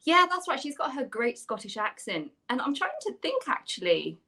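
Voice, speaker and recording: A woman's voice: fairly high pitch, big pitch swings, normal speed, bright, forceful tone. A woman talks eagerly and at length, jumping from thought to thought. She is a panel guest speaking over a video call. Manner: enthusiastic, chatty, rambling.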